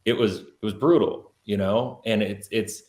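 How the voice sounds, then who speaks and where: Male guest, low voice, earnest storyteller, echoey room. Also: fairly even intonation, normal speed, a little mellow. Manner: earnest, many fillers like "like". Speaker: podcast guest, entrepreneur. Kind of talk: personal storytelling in an interview.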